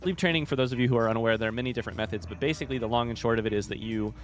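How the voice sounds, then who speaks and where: A young man talks casually to his viewers during a game stream, rambling from one thought to the next. His voice sits at an ordinary middle pitch for a man. Soft music plays faintly underneath. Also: rapid-fire. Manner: chatty, rambling storyteller. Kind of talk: casual chat while gaming.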